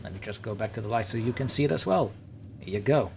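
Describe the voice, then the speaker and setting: A male game streamer talking through a live let's-play in a playful, theatrical way. His pitch swings widely as he addresses viewers and characters on screen, with a faint hiss of noise behind him. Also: lively intonation, fast talker, creaky, darkish tone.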